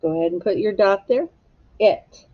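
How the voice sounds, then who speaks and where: Slow, patient woman teaching phonics. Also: on the low side, a little mellow, lo-fi sound. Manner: slow, clear, patient, prompting children to echo. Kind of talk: phonics lesson for young students.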